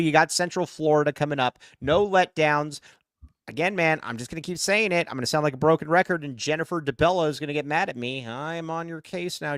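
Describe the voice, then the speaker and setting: A man's voice: on the high side, dry recording, studio quality. A man hosting a sports podcast, chatting casually and joking, rambling with lots of fillers. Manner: animated, jokey, rambling with many fillers. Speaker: podcast host.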